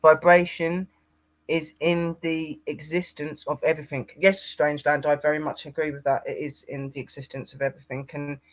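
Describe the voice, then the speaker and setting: A man's voice: a little high, level tone, normal speed. A man co-hosting a casual paranormal livestream, rambling and greeting viewers by name.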